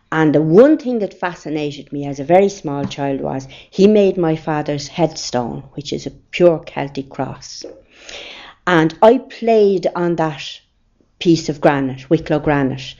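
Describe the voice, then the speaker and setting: A woman's voice: deep voice, dark tone. An older woman with an Irish accent, telling rambling family stories in an interview. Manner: rambling, anecdotal storytelling. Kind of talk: oral history reminiscence. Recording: dull lo-fi recording.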